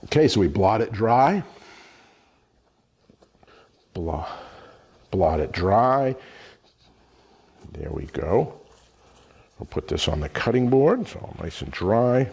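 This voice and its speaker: A man's voice: lowish voice, very animated, takes it slowly, creaky, pauses often, darkish tone, husky. A middle-aged man giving a cooking demonstration lesson, explaining each step as he works with his hands. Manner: explanatory, talks through each step while working. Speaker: culinary instructor.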